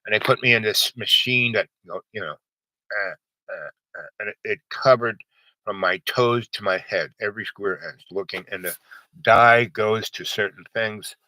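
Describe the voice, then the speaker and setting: Bright-toned rambling man telling a story. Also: on the low side, normal speed, dry recording, rough recording. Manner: meandering, full of fillers and restarts; acts out other people's lines with a raised voice. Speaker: vlog host telling a personal story.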